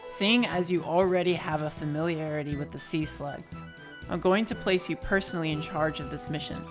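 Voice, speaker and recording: A woman putting on a pompous old knight commander, all posh, fussy old-fashioned phrasing. The voice sits low, and faint game music plays underneath. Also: normal speed, lightly acted. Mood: briskly official.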